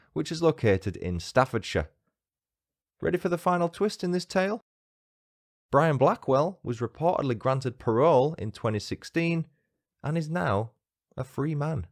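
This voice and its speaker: Cheeky northern English podcast host. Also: male voice, medium pitch, dry recording, clean studio sound. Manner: cheeky, banter-loving, self-mocking. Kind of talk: scripted true-crime podcast narration.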